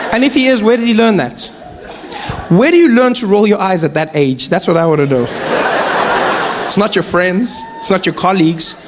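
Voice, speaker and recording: A man doing animated, mocking stand-up comedy. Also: high-pitched. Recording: live venue with crowd noise. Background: audience laughter.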